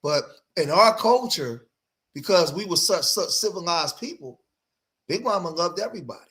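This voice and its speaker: A man's voice: high voice, expressive, normal speed, fairly bright tone. A man hosting a livestream, reacting to clips in emphatic commentary and repeating phrases for emphasis.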